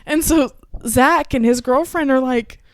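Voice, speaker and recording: A woman's voice: high voice, measured pace, no room sound. A young woman from Texas, co-hosting a podcast, chatting casually and telling stories with lots of fillers and frequent laughter. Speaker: podcast co-host. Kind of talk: casual chat.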